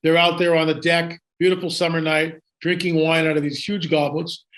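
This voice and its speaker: A man speaks high in his register as he recounts a story for an interviewer. He talks excitedly, doubling back and restarting his sentences as he goes. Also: moderate pace. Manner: excited, with frequent restarts and asides. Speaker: guest.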